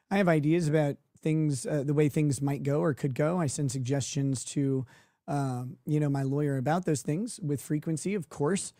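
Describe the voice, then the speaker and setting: A man's voice: a little high, mellow, no echo. Sarcastic chatty man, dry sound. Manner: chatty, sarcastic, laughs often. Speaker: livestream host. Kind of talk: casual livestream commentary.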